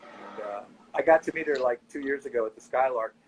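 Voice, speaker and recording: A man's voice: medium pitch, brisk, slight background noise, poor audio. Man telling nightlife stories. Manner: animated anecdotes, quoting people. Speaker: nightlife owner and guest. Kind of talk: casual interview storytelling.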